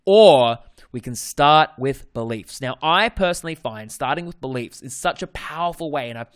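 An Australian man in a casual podcast monologue as a dating coach, talking at a middling pitch. He hammers his main points by repeating them and often corrects himself mid-sentence. His voice sounds close and dry, with no room around it. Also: lively intonation, moderate pace, no echo. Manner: emphatic, repeats key points, frequent self-corrections and fillers.

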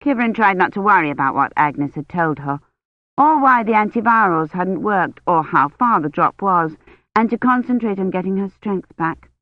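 A woman narrates an audiobook in a steady, even storytelling voice. The sound is tinny and phone-like, with no room echo at all. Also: mid-range voice, normal speed. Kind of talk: scripted narration.

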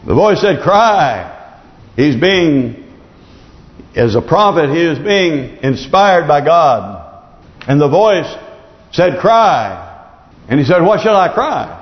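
A man preaching a sermon as pastor, his voice swooping up on emphasis and dropping low when he reads scripture. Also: sing-song, slow, long pauses. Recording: echoey hall, dull lo-fi sound.

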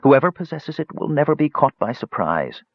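An ancient wizard speaks slowly and gravely, full of sorrow, as a man reads him aloud. The voice is gravelly and husky and swings widely in pitch. The recording sounds dull and lo-fi. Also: sing-song, dry recording, full character voice. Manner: slow, grave and sad.

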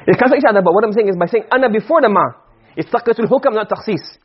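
Fast high-voiced man teaching a class. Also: slightly rough. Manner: quick, questioning students, drops Arabic grammar terms. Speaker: Arabic rhetoric teacher. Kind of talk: classroom lecture. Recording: dull lo-fi recording.

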